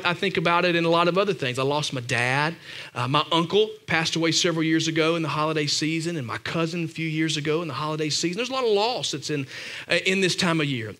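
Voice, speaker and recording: A man's voice: a little high, bright, forceful tone. A man giving a Christmas-season sermon as a pastor, chatty and anecdotal, with joking asides to the congregation in a church room.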